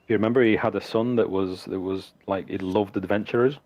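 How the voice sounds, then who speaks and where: A man running a tabletop game, narrating in a fairly low voice. He pauses often and fills the gaps with ums as he describes the scene to his players. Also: highs cut off. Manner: relaxed, halting narration with many fillers. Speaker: game master.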